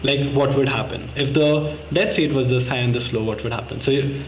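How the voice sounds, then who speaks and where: A man's voice: medium pitch, steady tone, brisk, slight background noise. Chatty man on an echoey call. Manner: rambling, self-correcting, many fillers. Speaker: course participant presenting a model. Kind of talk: casual screen-share walkthrough.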